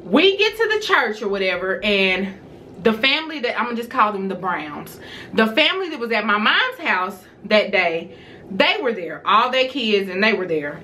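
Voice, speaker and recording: A woman vlogger telling a personal story to her viewers in a casual, animated way. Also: medium pitch, slight background noise.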